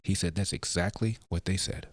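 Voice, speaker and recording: A man's voice: low voice, fairly even intonation, normal speed, dry recording. A middle-aged male talk show host telling anecdotes in a reflective monologue.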